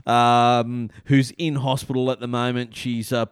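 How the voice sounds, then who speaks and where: A man co-hosting a radio chat, his voice smooth and clear. The sound is dry and close to the mic. He talks in a warm, chatty way, as a man of middle age or older. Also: medium pitch, level tone, moderate pace, dry recording. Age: middle-aged or older. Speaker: radio co-host.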